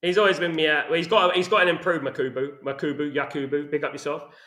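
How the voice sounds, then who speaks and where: A man's voice: fairly high pitch, fairly even intonation, fast talker, pushed and bright. A man hosting a casual football fan chat, reading out comments and ranting with lots of "you know what I mean". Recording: echoey room.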